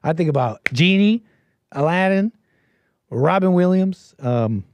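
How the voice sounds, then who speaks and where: A man hosting a casual livestream call-in show, rambling and correcting himself, his voice swinging between quiet asides and louder bursts. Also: on the high side, sing-song, normal speed, no echo. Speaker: livestream host.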